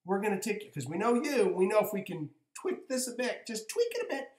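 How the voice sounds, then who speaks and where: Blunt, brisk spirit guides speak as one, put on by a man. The voice is pitched clearly higher and pushed a little louder than his usual talk. It rings out in a room with a noticeable echo. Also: big pitch swings. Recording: echoey room.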